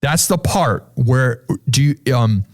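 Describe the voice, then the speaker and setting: A man's voice: slow pace, no room sound, studio quality. A man talking about faith on a church podcast, telling a story and acting out the people in it with sudden jumps in his voice. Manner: animated storyteller, acts out voices with big pitch jumps. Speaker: pastor. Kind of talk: casual church podcast conversation.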